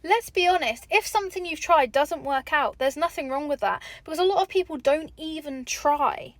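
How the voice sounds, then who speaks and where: A woman's voice: sits high, moderate pace, no echo. A young woman giving candid, chatty motivational talk to camera, swearing casually. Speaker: vlogger.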